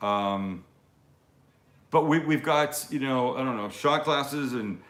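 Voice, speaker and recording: A man's voice: medium pitch, takes it slowly, a bit bright, echoey room. A man hosting a casual live-stream Q&A from his home kitchen, rambling and swearing freely between viewer questions. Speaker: cooking show host.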